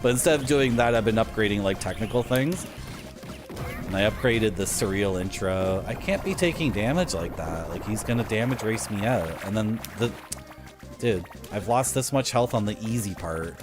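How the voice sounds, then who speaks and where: A man's voice: on the low side, lively intonation, moderate pace. A young man, chatting in a self-mocking way to his viewers while playing a game at home. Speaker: streamer. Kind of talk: casual gameplay commentary. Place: home streaming room with a game shelf. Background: retro game music.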